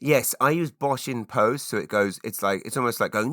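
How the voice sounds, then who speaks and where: A man in his forties hosting a rambling, animated solo chat, answering listener questions with sudden loud exclaimed bursts. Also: medium pitch, brisk, no room sound, studio quality. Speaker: podcast host.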